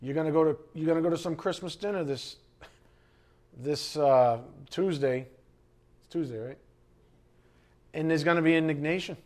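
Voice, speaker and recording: A man preaching a sermon as pastor, lively and conversational, asking the congregation questions. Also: a little high, moderate pace, pauses often. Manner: animated preaching, acting out scripture quotes and asides.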